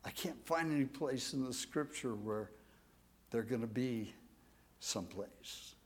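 A pastor preaching an emotional sermon to his congregation, moving between hushed, tender moments and emphatic, raised declarations and drawing the crowd in with questions. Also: mid-range voice, unhurried, husky. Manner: asks the congregation for a show of hands.

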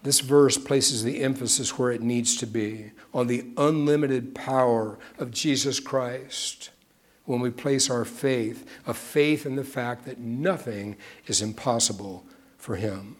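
A man's voice: medium pitch, a little slow. A man preaching a sermon in an earnest way, often dropping to a near-whisper on key phrases. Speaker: pastor.

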